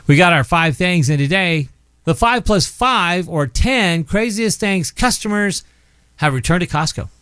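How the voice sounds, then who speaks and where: A man's voice: high voice, expressive, measured pace, sharp tone, smooth, no echo. A man hosting a radio show, bantering in a playful, hammy showman style.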